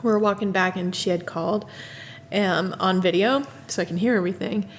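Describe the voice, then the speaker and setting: A woman's voice: medium pitch, steady tone, fairly quick, slight background noise. A woman hosting a podcast, chatty and laughing often. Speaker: podcast host. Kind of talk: casual podcast chat.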